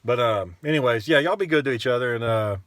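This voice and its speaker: A man's voice: mid-range voice, quick pace, fairly bright tone, dry recording. A man, twenties or thirties, ranting casually to camera, blunt and profane, rambling with lots of fillers. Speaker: vlogger.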